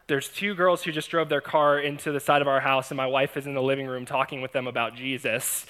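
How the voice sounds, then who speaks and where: A pastor with a mid-range, smooth voice speaks a little fast in a storytelling sermon to his congregation. Animated and self-mocking, he shares a humorous personal story, laughs often, and acts out the voices of the people in it.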